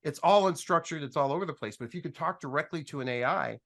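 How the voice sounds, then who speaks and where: A man's voice: on the high side, fast, creaky. A man telling a business story on a panel in a casual, joking way, acting out both sides of conversations, with frequent restarts. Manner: animated, joking, acts out dialogue with restarts.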